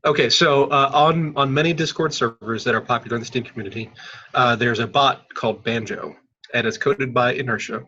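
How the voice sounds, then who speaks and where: A man co-hosting a podcast in casual chat, explaining things quickly with many fillers, heard over dull lo-fi call audio. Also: medium pitch, bright, forceful tone, slightly rough.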